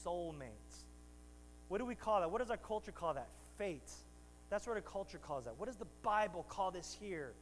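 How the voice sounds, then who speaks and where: A man's voice: high-pitched, sing-song, normal speed, big-room sound, a little hiss or hum, rough recording. A man preaching a sermon to his congregation in a church, bantering with them and rising to emphatic preaching. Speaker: pastor. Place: church sanctuary.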